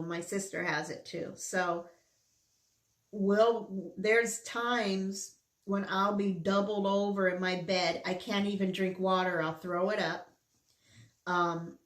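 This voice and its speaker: A middle-aged woman vlogger chatting candidly while she eats, sometimes with her mouth full. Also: mid-range voice. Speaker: mukbang vlogger. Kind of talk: casual chat while eating. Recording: roomy indoor echo.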